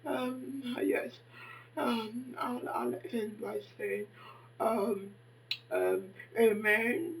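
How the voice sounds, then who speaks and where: A woman in her fifties giving an impassioned monologue, dramatic and exclaiming, swinging between hushed and loud. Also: a little high, fairly even intonation, extremely slow, distant mic, slight background noise, rough recording. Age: 50s. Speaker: poet and commentator.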